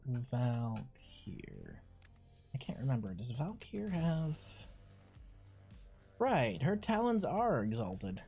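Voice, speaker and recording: A man's voice: mid-range voice, wildly swooping pitch, slow pace, gravelly, long pauses, soft background music. A young man streaming a game, rambling casually and swearing now and then. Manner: rambling, swears, loud squeals. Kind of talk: casual gaming commentary.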